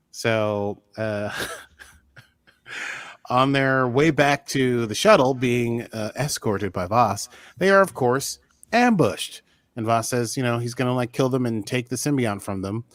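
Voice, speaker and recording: A man co-hosting a podcast, recapping an episode in a chatty, joking way with sudden jumps in pitch. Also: no echo. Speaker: podcast co-host.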